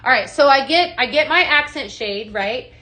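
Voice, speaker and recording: A woman's voice: high voice, animated, moderate pace, pushed and bright, a little hiss or hum. Bubbly woman selling on a live stream. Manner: bubbly, gushing, repeats "just saying" and "right?". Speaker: direct-sales consultant hosting a live product show. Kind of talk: upbeat live sales chat, reading viewer comments.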